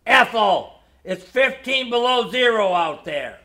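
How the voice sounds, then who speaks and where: A man's voice: high-pitched, a little slow, vocal fry, sharp tone, full character voice. Grumbling exasperated dad, read by a man. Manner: muttering, exasperated. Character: grumbling exasperated father, middle-aged man.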